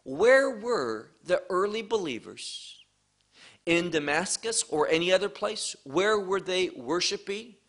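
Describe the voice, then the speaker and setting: A man teaching a verse-by-verse sermon, speaking emphatically and deliberately and stressing key words. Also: sits high, lively intonation, a bit bright. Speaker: Bible teacher.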